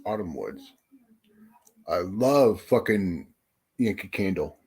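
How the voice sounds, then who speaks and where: Low, darkish, and slightly rough, this man's voice is animated even as he takes things slowly. As a livestream host in a casual chat, he welcomes viewers and talks bluntly, full of swearing and repeated restarts.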